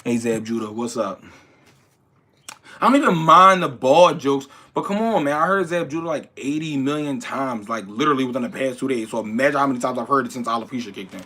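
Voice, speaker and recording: A young man talks boxing with his viewers in a loose, casual way. His voice sits in an ordinary middle pitch. He often repeats himself, sometimes ranting in disbelief and sometimes trailing off into quiet, mumbled advice. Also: brisk. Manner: animated, incredulous when ranting, then low and mumbled. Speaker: boxer answering viewer questions. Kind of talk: casual livestream chat.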